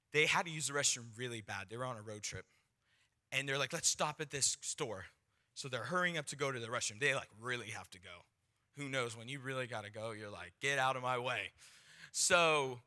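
A young man preaching with a very bright, forceful voice. He tells stories in an animated way and acts out the voices of the people in them. His pitch sits in an ordinary middle range. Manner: animated, acts out quoted voices, laughs between points. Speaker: speaker sharing a testimony. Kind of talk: sermon storytelling.

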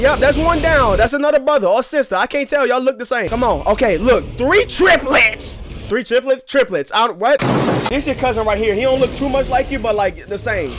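A young man, commentating his gameplay with loud, excitable trash talk and sudden yelps. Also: very high-pitched, a little fast. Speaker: gaming streamer. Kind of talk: let's play commentary. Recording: game soundtrack loud under voice. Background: game music.

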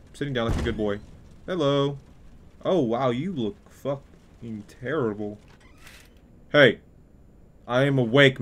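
A young man giving crude, joking let's play commentary while playing a horror game, swinging between yelling and muttering. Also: lowish voice, noisy background. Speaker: gaming youtuber.

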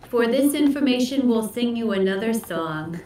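A woman's voice: on the high side, lively intonation, moderate pace, warm tone, roomy sound, far from the mic. A woman playing a tabletop game, bubbly and joking with the group. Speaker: player. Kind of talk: casual tabletop game chat.

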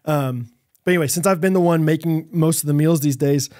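Podcast co-host, male, thirties, higher-pitched, laughs often, animated storyteller. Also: a little fast. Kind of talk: casual chat.

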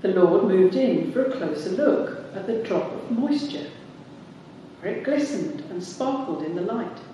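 A woman narrating a dramatised church reading in a clear, measured storytelling manner. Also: mid-range voice, lively intonation, mellow, slight background noise. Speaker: narrator, worship leader. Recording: echoey church heard from far off.

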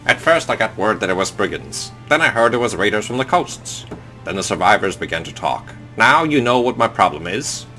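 A man voicing a stern, weary noble duke giving orders to a mercenary, measured and commanding. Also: lowish voice, big pitch swings, bright, forceful tone, soft background music. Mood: grim.

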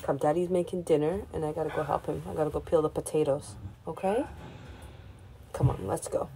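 A woman's voice: steady tone, a little fast, gravelly. A mother in her thirties filming a casual family vlog at home, talking to her pets and soothing her crying child in a sing-song voice. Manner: talks to pets and kids in high sing-song baby talk, soothing. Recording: loud household noise on phone video. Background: pet birds squawking, children.

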